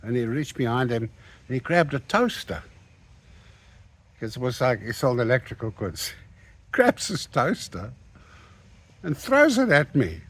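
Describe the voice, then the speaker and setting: A man's voice: mid-range voice, a little slow, long pauses, slightly rough. An older man, an interview guest who tells stories and acts out the voices of the people in them. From South Africa. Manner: animated, acts out the quoted lines. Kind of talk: anecdotal storytelling.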